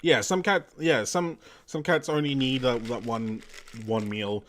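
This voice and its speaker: A man's voice: mid-range voice, unhurried, a bit bright, slight background noise. A young adult man chatting casually while streaming a game, rambling and correcting himself with lots of fillers. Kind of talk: casual let's-play chat.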